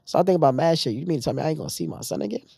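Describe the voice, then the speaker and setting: A man's voice: a little high, rapid-fire, vocal fry, no echo. New man, casual storyteller, acts out other people's lines, dry close mic. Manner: animated retelling, acting out others' lines. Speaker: podcast guest.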